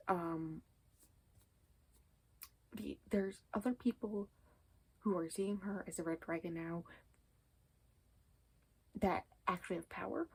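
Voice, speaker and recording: A woman's voice: lowish voice, slow pace, long pauses, a little mellow, husky, rough recording. A woman chatting casually in a reading vlog, rambling and often dropping to a whispered aside, with many ums and anyways. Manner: says 'um' and 'anyways' often. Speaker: book vlogger.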